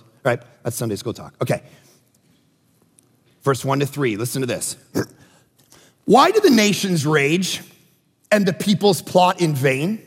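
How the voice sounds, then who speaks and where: A man preaching a sermon as pastor, animated and acting out voices in his stories. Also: on the high side, unhurried, long pauses, husky. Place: church auditorium. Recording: large hall with long reverb.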